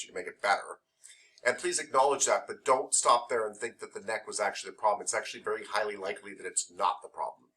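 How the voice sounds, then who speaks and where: A man lectures a classroom of massage therapy students, easygoing and conversational, building his point through playful hypothetical stories. His voice is bright and forceful, sitting at an ordinary pitch. He sounds a little distant from the microphone.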